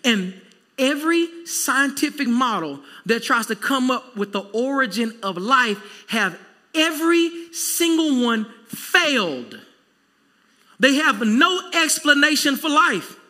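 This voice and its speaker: A man's voice: extremely high pitch, very animated, slow, bright, forceful tone. A man preaching a sermon in a conversational style that rises to emphatic peaks. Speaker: pastor. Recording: long hall reverb.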